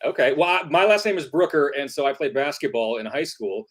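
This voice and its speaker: A podcast co-host in easy conversation. His pitch moves a lot as he talks, and he laughs along with the others. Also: expressive, a little fast. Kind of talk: casual chat.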